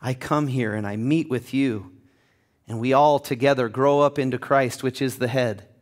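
A man pastor preaching a passionate sermon in a church, building to loud emphatic peaks. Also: mid-range voice. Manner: passionate, rising to near-shouting. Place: church sanctuary.

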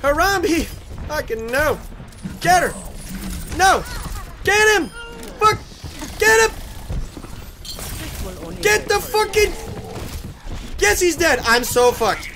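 Playing a team shooter, a gaming YouTuber swears and yells at his teammates in frantic live commentary. Yet his very high, animated voice comes slowly, with frequent pauses, against slight background noise.

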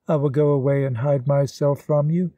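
A man's voice: a little high, fairly even intonation, normal speed, dark tone, dry recording, close to an everyday voice. A man reading the lines of a delirious woman in a storybook, pleading and beseeching.

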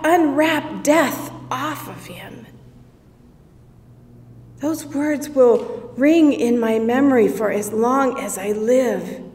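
A grieving sister recounts the moment in awe, as a woman performs her in a worship service. She tells it slowly and with feeling, dropping to a hush when things grow tense. Her fairly high voice rings with the long reverb of a church hall. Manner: emotional storytelling, drops to whispers at tense moments. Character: grieving adult woman sister, awestruck witness. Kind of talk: first-person dramatic monologue in a worship service. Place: church sanctuary.

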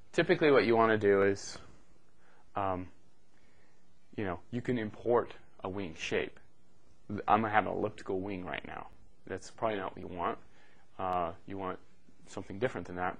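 A man's voice: low voice, moderate pace, pauses often. Casual man lecturing a class. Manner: casual, joking asides, frequent "okay" and "right". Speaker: university lecturer.

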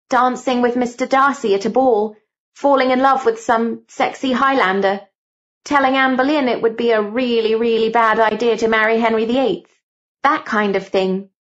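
A woman's voice: fairly high pitch, lo-fi sound, pitched above the performer's own voice, lightly acted. A woman narrator voicing a bubbly teenage schoolgirl, lifting her voice a little. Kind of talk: audiobook character voice.

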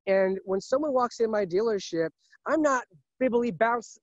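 Male salesman, emphatic and repetitive, high-ish voice, dry lo-fi recording. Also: lively intonation, normal speed, no echo. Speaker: car salesman. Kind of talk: casual interview talk.

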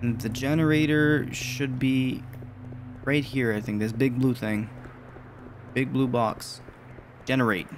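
A man's voice: mid-range voice, fairly even intonation, slow pace, long pauses, background noise. Male gamer, casual let's-play commentary, swears a lot, jumps at scares. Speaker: gaming video creator.

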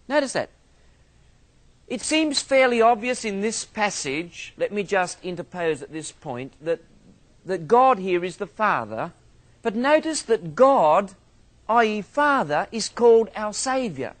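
Brief: Australian male minister, theology lecturer, fairly high voice, humorous storyteller. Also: very animated, a little slow. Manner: humorous storytelling, self-mocking asides.

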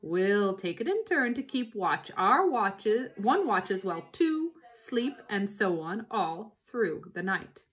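A woman voicing a nasty, scheming male farmer who shouts his threats in a storybook reading. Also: mid-range voice, very animated, takes it slowly, few pauses.

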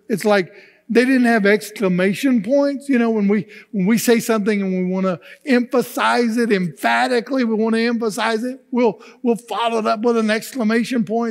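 A man preaching a sermon as pastor, reading scripture aloud and often repeating words as he goes. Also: extremely high pitch. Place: church sanctuary. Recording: long reverb of a church hall.

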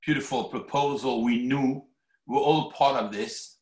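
A man preaching a sermon as rabbi, animated and theatrical, acting out mock quotes. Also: medium pitch, measured pace. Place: synagogue hall. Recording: echoey hall.

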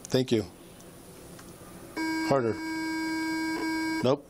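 A police officer calmly drills short, repeated commands, coaching a driver through a breath test. His middle-pitched voice stays even and patient. Body-camera audio carries steady noise throughout. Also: very slow. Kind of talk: giving breath-test instructions.

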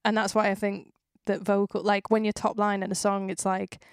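A woman's voice: medium pitch, level tone, normal speed, dry recording, clean studio sound. A young woman with a Northwest English accent hosting a casual podcast interview, chatty and rambling, swearing now and then. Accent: Northwest England, Cheshire. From England. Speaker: podcast host.

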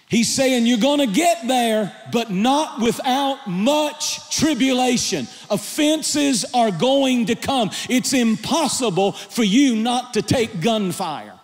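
A man preaching a sermon as a pastor on stage, moving between quiet storytelling and loud shouted exhortation. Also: lively intonation, slow pace, few pauses, faint music behind. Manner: preaching with rising intensity, shouting at climaxes; drops to a low, quiet storytelling voice. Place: large church hall. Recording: live sermon with long hall reverb.

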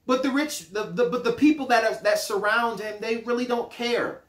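A man teaching a bible study in a playful, animated preaching manner. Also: very high voice, moderate pace, few pauses. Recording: roomy echo.

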